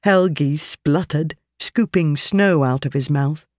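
Audiobook narrator, mid-pitched, steady, dry close recording. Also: takes it slowly, no room sound. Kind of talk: scripted narration.

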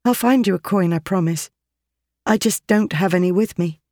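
A woman's voice: mid-range voice, normal speed, a little mellow, no echo, studio quality, pitched above the performer's own voice, lightly acted. A narrator voicing a flustered young woman who apologizes hesitantly, lifted a little above the narration. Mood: placating.

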